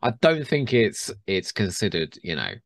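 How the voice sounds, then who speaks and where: Male co-host, lively pitch, dry close sound, swears and laughs a lot. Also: moderate pace, creaky, no echo. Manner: animated, laughs often, swears, mimics actors. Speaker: podcast co-host. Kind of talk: casual chat.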